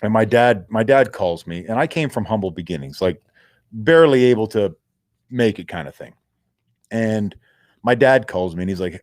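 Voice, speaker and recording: A man, a co-host and former pro football player, telling animated, candid stories in casual sports talk and swearing now and then. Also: lowish voice, moderate pace, no echo, studio quality.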